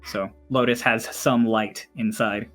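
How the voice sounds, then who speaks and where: A man narrating a tabletop game as game master, describing scenes slowly with frequent fillers. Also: on the low side, steady tone, a bit bright, soft background music.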